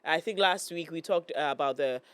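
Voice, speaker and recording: A woman's voice: low voice, a little fast, a bit bright, clean tone, dry recording. A woman hosting a live studio talk show, her voice nasal and stuffy from a cold, chatty and hesitant with many fillers. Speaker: morning show host. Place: broadcast studio. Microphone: studio microphone.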